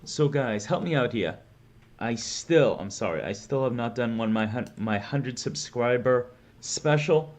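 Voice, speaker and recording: A man's voice: medium pitch, expressive, unhurried. A man chatting casually on his stream, rambling and poking fun at himself about his music. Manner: rambling, self-deprecating.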